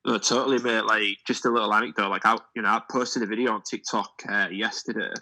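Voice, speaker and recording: A young man telling a story in casual chat, in a quick, offhand way. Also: on the low side, fairly even intonation, bright, forceful tone, rough recording. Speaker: discussion guest. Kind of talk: casual anecdote.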